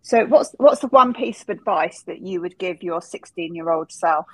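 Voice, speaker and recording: Lower-voiced woman podcast host. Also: animated, normal speed, darkish tone. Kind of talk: casual interview chat.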